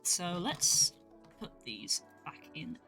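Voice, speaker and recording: Bright, lively woman streamer. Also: lowish voice, slow, soft background music. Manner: chatty, excitable exclamations over cards. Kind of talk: casual live-stream card-opening commentary.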